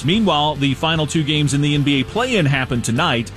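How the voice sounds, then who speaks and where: Brief: male sports radio anchor, crisp scripted update, a bit high-voiced, faint music bed. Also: animated, brisk, hardly any pauses, a bit bright. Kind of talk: scripted sports news read. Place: radio studio.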